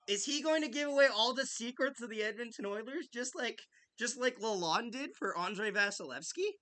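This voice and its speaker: Excitable young man with a bright, high voice. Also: fairly quick. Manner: chatty and excitable, jokes with a friend. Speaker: podcast host. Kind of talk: casual live game-watch chat.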